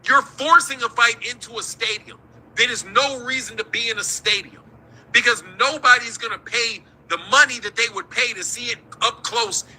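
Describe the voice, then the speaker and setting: A man's voice: extremely high pitch, normal speed, pushed and bright, slight background noise, poor audio. A middle-aged man, hosting a boxing talk stream in a profane, combative rant. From United States. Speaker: boxing talk show host. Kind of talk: livestream rant.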